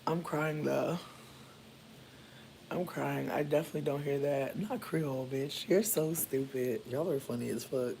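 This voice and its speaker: A man from Michigan chatting casually with viewers while doing his hair, playful and profane, with sudden jumps into high squeals. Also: a little slow, gravelly, a little mellow, slight background noise. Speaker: livestreamer.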